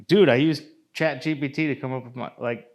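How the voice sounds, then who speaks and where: A male podcast co-host with a relaxed, profane way of talking. He laughs readily and keeps the chat loose. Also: medium pitch. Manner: laid-back, profane, quick to laugh.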